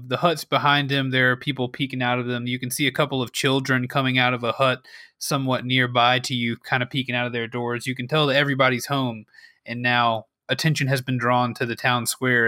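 A man's voice: medium pitch, little pitch movement, brisk, sharp tone, no echo, studio quality. A man narrating a tabletop game as game master on a stream, talking with many ums and restarts. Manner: hesitant, full of ums and restarts.

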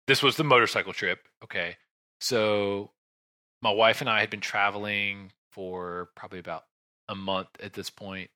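A low-pitched man in his thirties with a very bright, forceful tone spins a casual, rambling story. He restarts sentences, sighs and drifts into asides. The sound is dry and close. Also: no room sound. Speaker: podcast host telling a travel story. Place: home room with a shelf behind him.

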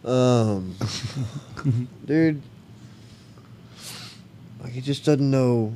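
A man's voice: mid-range voice, extremely slow, warm tone, slight background noise. A man co-hosting a casual podcast chat, rambling and swearing as he tells a work story. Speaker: podcast co-host.

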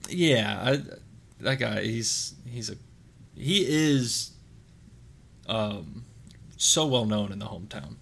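A man's voice: fairly low pitch, animated, takes it slowly, creaky, pauses often, fairly bright tone, breathy edge. A young man on a podcast, chatting casually and telling a rambling story full of fillers and restarts. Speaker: podcast co-host.

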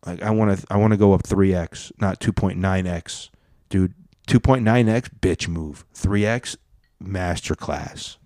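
A man's voice: low-pitched, unhurried, a little mellow, dry recording, clean studio sound. A man riffing in a crude, joking comedic rant as a podcast host.

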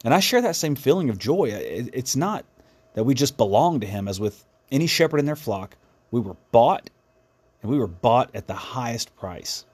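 A man's voice: medium pitch, sing-song, moderate pace, a little mellow, slightly rough. A man hosting a devotional podcast, speaking in an earnest, reflective way with frequent restarts. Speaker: podcast host.

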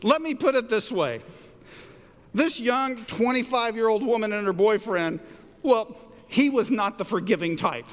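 A middle-aged man preaching a sermon, an animated storyteller who jumps up in pitch for quoted lines. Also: a little slow. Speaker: pastor. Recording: long hall reverb.

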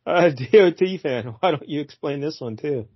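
A man's voice: a little high, lively intonation, normal speed, slightly rough, no echo. A man hosting a podcast, chatting casually about comics in a rambling way and chuckling often. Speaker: podcast host. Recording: dry, slightly dull lo-fi mic.

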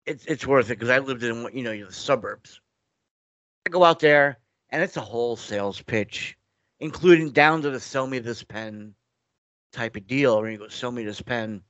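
Recorded dry and lo-fi, a middle-aged man from New York rambles through stories as an interview guest, restarting often and acting out what people said. He speaks at a normal speed with a medium-pitched, slightly bright voice.

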